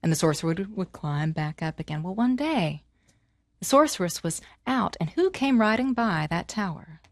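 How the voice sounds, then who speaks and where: A woman telling a fairy tale to children, animated and inviting the listeners to join in the actions. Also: fairly low pitch, moderate pace, no room sound, studio quality. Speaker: storyteller.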